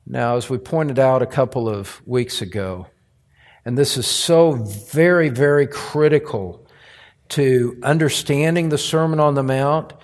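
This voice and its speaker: A pastor preaches a sermon in church, earnest and emphatic, phrasing things deliberately to drive each point home. His voice is mid-range and a little mellow.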